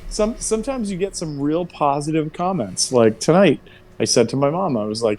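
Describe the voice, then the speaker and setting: Lively animated storytelling man. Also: a little fast. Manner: animated, profane, jumps to high-pitched quoted voices. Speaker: player chatting before a tabletop game session. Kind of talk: casual storytelling chat.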